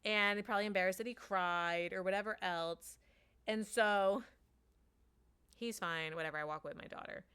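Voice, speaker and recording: Bright, chatty woman telling a story. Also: mid-range voice, normal speed, clear, resonant tone. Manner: chatty, acts out quotes, many "like" fillers. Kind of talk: casual storytelling monologue.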